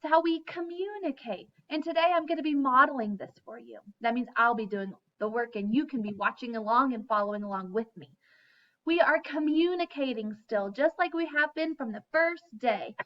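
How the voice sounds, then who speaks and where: A woman teacher giving a lesson to young children, speaking slowly and clearly and chanting in a sing-song voice. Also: sits high, distant mic, muffled recording. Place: classroom.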